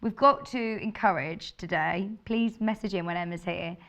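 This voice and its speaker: A woman with a low, husky voice, chatting in a bubbly way as she presents a live TV shopping show. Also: normal speed, a bit bright. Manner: bubbly, chatty, laughs often. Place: TV studio.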